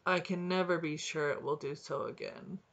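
A woman's voice: mid-range voice, lively intonation, slow pace. Woman voicing a gloomy old woodlark. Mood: peevish, gloomy. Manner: gloomy, grudging and despondent. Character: old melancholy male woodlark, peevish.

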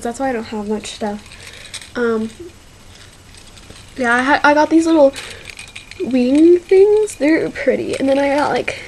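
A woman's voice: sits high, a little mellow, slight background noise, rough recording. A young woman in her teens rambling through a casual shopping haul video, with lots of fillers and y'all. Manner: slow, rambling, filler-heavy, says y'all. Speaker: vlogger.

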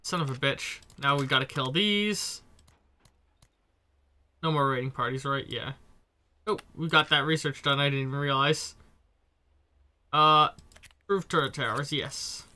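A man with a stuffy cold giving casual, excitable commentary while playing a game. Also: mid-range voice, a little slow, long pauses. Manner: chatty, swearing, excitable reactions. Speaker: let's play streamer. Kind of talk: gameplay commentary.

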